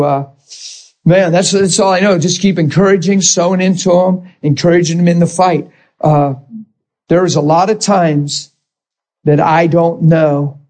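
Man, fairly high voice, teaching a healing class, animated storyteller who acts out quotes. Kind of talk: informal teaching talk.

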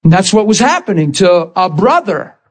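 A man with a notably high voice preaches with dramatic intensity. He retells a story in vivid bursts, leaning hard on key words. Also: sing-song, normal speed. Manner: emphatic, dramatic retelling with sudden loud bursts. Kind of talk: sermon storytelling.

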